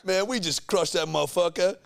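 A man putting on a brash car-makeover host, boasting loudly in heavy slang. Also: sits high, brisk, creaky, pitched above the performer's own voice. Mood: hyped. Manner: loud, slangy, boasting hype.

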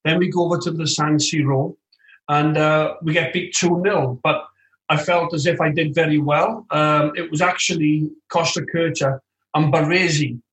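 A man as an interview guest, telling football anecdotes in an animated way and acting out other voices, recorded remotely. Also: on the high side, normal speed. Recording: roomy echo, distant from the mic.

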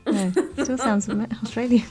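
A woman's voice: a little high, normal speed, mellow, soft background music. A woman co-hosting a podcast in casual chat, giggly and self-mocking. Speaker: podcast co-host.

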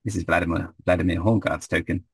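A man's voice: sits low, fairly even intonation, fast talker, vocal fry, breathy edge, no room sound. A man running a tabletop game as game master, hesitant with many fillers.

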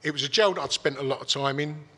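A middle-aged man talks as a guest in a loose, rambling way, with frequent restarts and casual swearing. His voice is husky but bright and forceful, pitched a little high. The room around him has a long, echoing reverb. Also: fast. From East London. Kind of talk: casual interview chat, frank and sweary.

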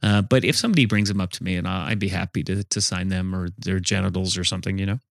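Deadpan low-voiced man spinning absurd stories. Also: quick pace, creaky, no echo, clean studio sound. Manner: deadpan, telling absurd made-up stories straight-faced. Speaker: podcast co-host. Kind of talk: casual improvised comedy chat.

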